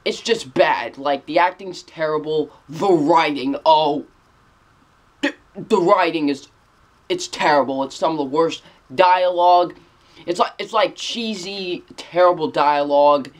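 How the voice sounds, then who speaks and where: A casual video reviewer who talks straight to the viewers. The delivery is emphatic and repetitive, restating one blunt verdict over and over, with a pitch that sits in the middle range. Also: measured pace. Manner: emphatic and repetitive, circling back to the same verdict again and again. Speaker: movie reviewer.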